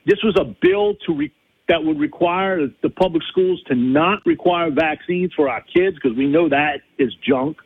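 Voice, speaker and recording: A man's voice: fairly high pitch, moderate pace, slightly rough, dry recording. A man calling in to a radio talk show, complaining in a heated, rambling way. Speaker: caller. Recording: tinny phone line.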